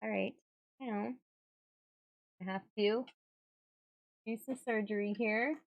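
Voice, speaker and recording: Woman vlogger, slow and chatty, exclaims as she works, dry close sound. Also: mid-range voice, fairly even intonation, vocal fry, dry recording. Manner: chatty, exclaims and laughs while working. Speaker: doll hobby vlogger. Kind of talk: casual hands-on vlog talk.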